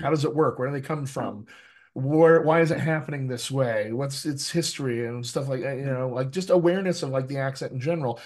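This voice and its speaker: A mid-pitched American man talks actors through accent work in a live online session. He is lively and teacherly, and keeps checking in with his listeners. The sound is that of a video call. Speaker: dialect coach. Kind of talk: live online coaching talk.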